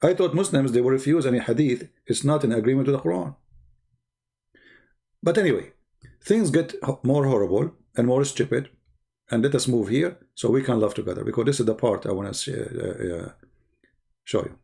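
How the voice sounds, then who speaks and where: A man's voice: mid-range voice, lively intonation, a little fast, vocal fry, long pauses, dark tone. A man with giving mocking, sarcastic commentary on video clips. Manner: sarcastic, repeats words for effect, non-native phrasing.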